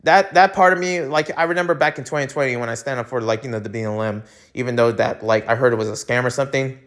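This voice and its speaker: An American man rants solo on his own podcast, rambling with lots of fillers and restarts and growing heated and emphatic. He speaks quickly in a mid-range, fairly bright voice.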